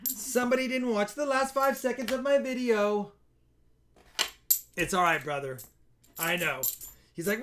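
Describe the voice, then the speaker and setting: A man's voice: very high-pitched, measured pace, pauses often, a bit bright, a little hiss or hum. A man hosting a livestream in casual, upbeat chat, calling his viewers brother as he goes. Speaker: livestream host. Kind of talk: casual livestream chat while coin roll hunting.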